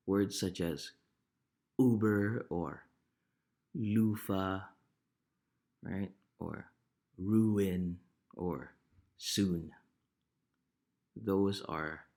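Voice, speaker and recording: Male teacher, low voice, slow casual explaining. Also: darkish tone. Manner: unhurried, often checks in with "right?". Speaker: language teacher. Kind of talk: casual pronunciation lesson.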